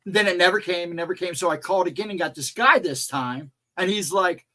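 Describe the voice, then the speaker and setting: A man's voice: high-pitched, brisk, sharp tone. A man co-hosting a livestream, chatting casually with a rambling, laughing manner. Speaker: co-host.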